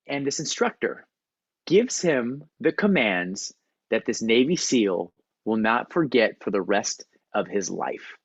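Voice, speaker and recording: A man who is a performance coach, giving a motivational talk on a video call in an animated storytelling manner. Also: mid-range voice, husky, no room sound, lo-fi sound. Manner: storytelling, animated, acts out quotes. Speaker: performance coach, guest speaker.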